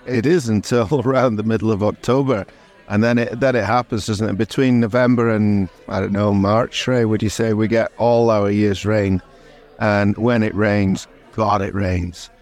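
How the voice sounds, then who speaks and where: A man's voice: fairly low pitch, fairly even intonation, normal speed, darkish tone. A man co-hosting a comedy podcast, rambling and swearing cheerfully in casual chat. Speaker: podcast co-host.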